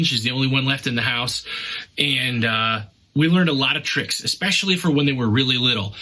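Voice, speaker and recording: A man's voice: mid-range voice, sharp tone, poor audio. A middle-aged man hosting a podcast, giving casual, chatty parenting advice in an upbeat way. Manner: upbeat, chatty, acts out scenes with whispers and cries. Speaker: podcast host.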